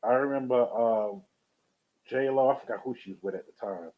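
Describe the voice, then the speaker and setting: A man's voice: medium pitch, moderate pace. A man live-streaming, telling a rambling story in a casual, chatty way and greeting viewers from the chat. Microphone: webcam or USB streaming setup. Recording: tinny phone-like sound.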